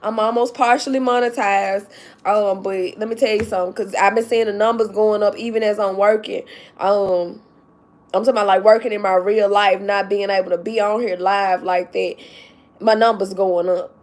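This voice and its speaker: A woman's voice: mid-range voice, little pitch movement, normal speed, a little mellow. A woman chatting on her livestream, emphatic and tearful with joy, calling her viewers "baby" and "y'all". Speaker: YouTube vlogger. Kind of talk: casual livestream chat.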